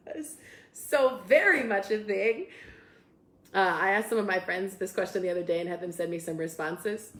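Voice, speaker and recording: A woman's voice: medium pitch, moderate pace, a bit bright, roomy sound. A young woman hosting a casual live stream, reading viewer comments aloud and reacting with upbeat energy. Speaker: host.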